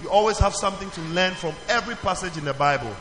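A man's voice: high-pitched, fast, slight background noise. A man teaching a children's church in call-and-response, asking questions and prompting the group to answer. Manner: animated, questioning the audience, calling for answers. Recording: reverberant hall.

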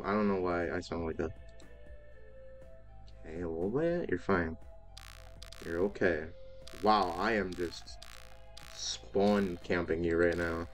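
Man, low and unhurried, narrating his horror game run; chats at the enemies, yelps when surprised. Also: fairly even intonation, fairly bright tone, faint music behind. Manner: talks to game characters, frequent startled exclamations. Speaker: gaming video host. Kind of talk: let's play commentary.

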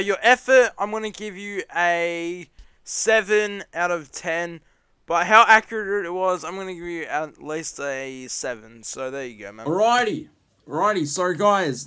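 A man's voice: a little high, a bit bright. A man hosting a casual vlog, rambling with lots of ums and jokey teasing. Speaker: YouTube host.

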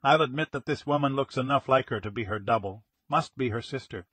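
A gruff, commanding police inspector, middle-aged and brisk, as an audiobook reader puts him on. The voice is husky and a little breathy, and it sits close in a dry, deadened space. He barks his orders in short bursts. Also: medium pitch, fairly bright tone, dry recording. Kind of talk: audiobook character reading.

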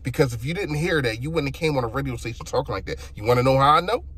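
A man's voice: mid-range voice, lively intonation, rapid-fire, a bit bright, breathy edge. A young man delivers a frustrated sports opinion rant and talks straight to his listeners. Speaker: sports fan vlogger.

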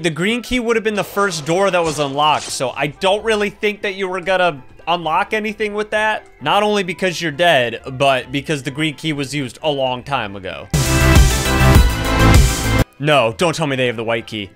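Hyped gaming youtuber guy, high voice that jumps all over, faint music under him. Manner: excitable, yelps and laughs, talks to his viewers. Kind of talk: excited Let's Play commentary.

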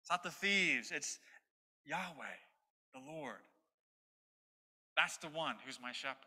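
A man's voice: a little high, animated, slow pace, pushed and bright. A man preaching an expository sermon as pastor, stressing his points through repetition. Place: church sanctuary. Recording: long hall reverb.

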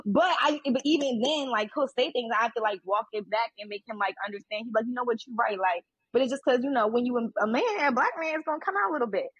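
A woman's voice: fairly high pitch, fast talker, hardly any pauses, a bit bright, husky, dry recording, rough recording. A woman on a casual panel chat over a video call, rambling and candid with lots of "like".

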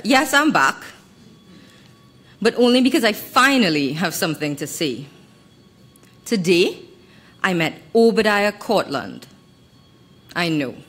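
A woman's voice: fairly low pitch, a bit bright, slightly rough. A young woman, an author, giving a wry, sardonic live reading of her own story at a literary festival. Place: festival venue hall.

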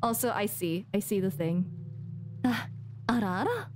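A woman's voice: mid-range voice, normal speed. A woman streamer giving casual, chatty commentary as she plays, talking to herself and giggling often. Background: game music.

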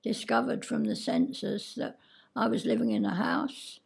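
An older woman reminiscing haltingly about her childhood with her daughter over a cup of tea. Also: on the high side, steady tone, darkish tone. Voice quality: gravelly, husky. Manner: hesitant reminiscing. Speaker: host's mother. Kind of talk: casual reminiscing.

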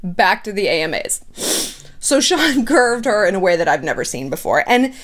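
A woman hosting casual gossip commentary, talking in an animated, candid and sarcastic way. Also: mid-range voice, moderate pace. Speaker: pop culture commentary host.

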